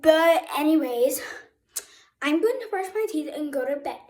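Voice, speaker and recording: A woman's voice: high-pitched, expressive, normal speed, darkish tone, poor audio. A young girl rambling casually to her viewers in a chatty vlog, often calling them "y'all". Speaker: vlogger.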